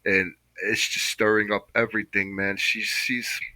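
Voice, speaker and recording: A man's voice: lowish voice, little pitch movement, a little slow, bright, forceful tone, dry recording, rough recording. A man hosting a reaction video, talking in an impassioned, preachy way and saying "man" constantly. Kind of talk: casual reaction commentary.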